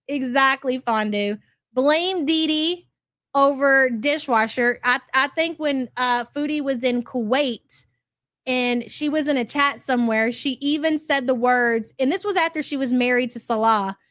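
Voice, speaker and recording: A woman's voice: high voice, measured pace, a bit bright, no room sound, clean studio sound. A woman giving exasperated, sarcastic reaction commentary and reading chat aloud. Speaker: commentary YouTuber.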